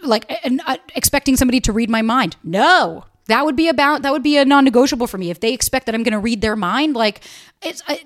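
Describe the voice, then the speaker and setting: A young woman hosting a solo podcast, giving blunt dating advice in a casual, animated way and swearing freely. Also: fairly high pitch, fast talker, no echo, clean studio sound. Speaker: podcast host.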